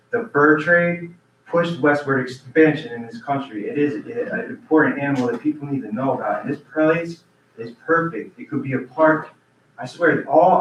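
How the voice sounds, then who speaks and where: A man's voice: medium pitch, a bit bright. An earnest man pleads urgently during public comment, his words tumbling and restarting. He sounds set back from the mic in a roomy chamber. The sound is dull and lo-fi with a faint hiss. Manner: repeats himself and restarts sentences. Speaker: resident giving public comment. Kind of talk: public comment at a council meeting. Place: council meeting room. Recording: roomy, distant, dull meeting-room audio.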